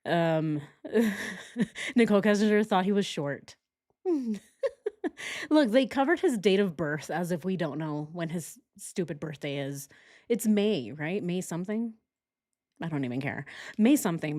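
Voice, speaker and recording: A woman's voice: on the low side, a little mellow. Sarcastic giggly woman streamer. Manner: sarcastic, giggly, talks to chat. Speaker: true crime livestream host. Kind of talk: casual reactive commentary.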